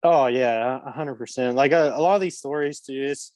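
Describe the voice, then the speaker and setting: A man's voice: mid-range voice, normal speed, a little mellow, no room sound. Rambling young man telling a story. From England. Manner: rambling, lots of "like" fillers, laughs mid-story. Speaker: guest, former pro hockey player. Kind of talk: casual storytelling.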